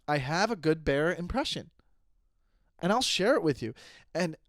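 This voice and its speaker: A man in his thirties talks alone into a close microphone on his comedy podcast, rambling and joking about his own slip-ups. His voice sits a little high for a man and sounds dry and close. He keeps restarting sentences and stays self-aware the whole time. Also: sing-song, normal speed, a bit bright, no echo. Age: 30s. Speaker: podcast host. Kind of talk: solo comedy podcast monologue.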